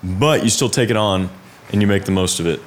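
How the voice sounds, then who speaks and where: Deep-voiced young designer dude chatting loose, lots of likes and you knows, faint hiss behind. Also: male voice, a little fast. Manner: rambling, laid-back, many fillers and asides. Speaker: freelance designer guest. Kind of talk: casual podcast conversation.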